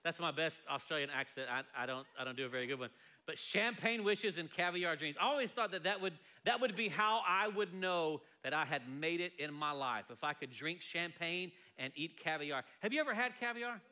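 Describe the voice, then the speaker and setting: Male pastor, high voice, bright and ringing, jokey sermon delivery. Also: a little fast. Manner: playful, joking, lively delivery with laughs. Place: church sanctuary before a congregation.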